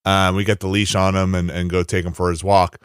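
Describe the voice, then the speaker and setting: A man's voice: sits low, little pitch movement, a little fast, smooth, dry recording, studio quality. A man hosting a casual podcast, telling rambling stories with many restarts. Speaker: podcast host.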